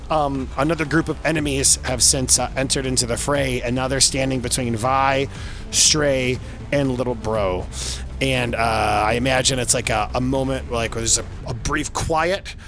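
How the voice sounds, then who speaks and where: Bright-voiced male game master. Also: mid-range voice, fairly even intonation, normal speed. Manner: loose and chatty, many fillers, laughs often. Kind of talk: narrating a tabletop game.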